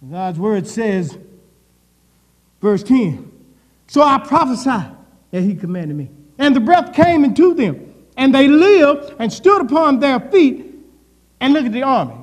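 A man's voice: extremely high pitch, big pitch swings, unhurried, pauses often. A male pastor a sermon, with call and response and swings in intensity. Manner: preaching with call and response, rising and falling intensity. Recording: reverberant church hall.

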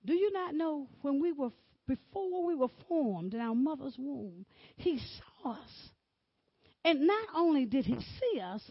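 A woman preaching a sermon, swinging from loud exclamations to hushed whispers. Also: high-pitched, sing-song, unhurried, no echo, highs cut off.

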